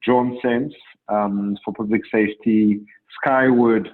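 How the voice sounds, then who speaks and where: A man with a French accent, a drone company panelist answering questions on a video call in measured, pausing explanations. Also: on the low side, fairly even intonation. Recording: phone-like call audio.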